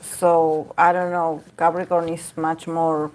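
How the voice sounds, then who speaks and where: A woman's voice: low-pitched, little pitch movement, slow, a little mellow. A woman talking casually and candidly about herself, rambling with many fillers and restarts. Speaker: tarot reader. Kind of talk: casual talk to camera.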